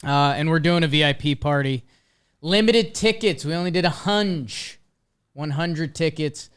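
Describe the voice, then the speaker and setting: A man co-hosting a casual baseball chat show, relaxed and easygoing, dropping in sponsor plugs. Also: a little high, a little slow, clear, resonant tone. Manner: laid-back, reads sponsor plugs casually. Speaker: podcast co-host.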